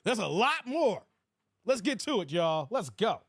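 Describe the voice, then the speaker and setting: High-voiced, joking male commentary host. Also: unhurried, no echo, clean studio sound. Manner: animated and joking, thanks viewers for donations. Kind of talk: casual live reaction commentary.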